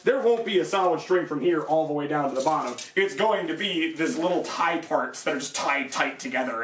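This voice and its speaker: A young man reviewing a product and ranting in exasperation, his voice jumping high in disbelief as he swears. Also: fairly bright tone, echoey room, far from the mic. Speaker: armor reviewer.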